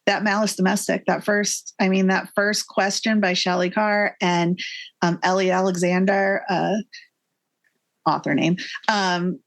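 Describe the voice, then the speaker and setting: A woman's voice: medium pitch, steady tone, unhurried. A woman in her forties, a guest author in a casual podcast interview, talking with enthusiasm, many fillers and little acted-out quotes. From Massachusetts.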